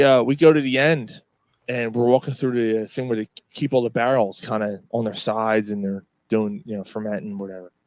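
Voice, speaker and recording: On a dry recording, a podcast co-host speaks at a medium pitch with a darkish tone. He's a rambling storyteller who curses a lot and leans on fillers, and the conversation has the easy feel of pub talk.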